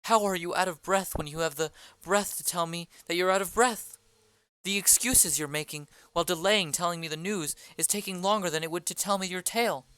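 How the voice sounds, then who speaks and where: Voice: mid-range voice, brisk, fairly bright tone, clean tone, no room sound, close to an everyday voice. A reader voicing an impatient young girl in love who presses with pleading questions in an amateur play reading.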